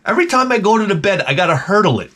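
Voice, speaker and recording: A man's voice: sits high, racing. A man hosting his own channel, telling rambling comic stories with lots of swearing and stammered restarts. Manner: animated, profane, stammering restarts. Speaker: retro game channel host. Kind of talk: rambling comedic rant.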